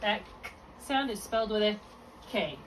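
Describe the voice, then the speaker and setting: A woman tutoring one-on-one in a phonics lesson, patient and encouraging, slowly spelling out letters and sounds. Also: mid-range voice, lively intonation, fairly bright tone. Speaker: reading tutor. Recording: distant mic with clear background hum.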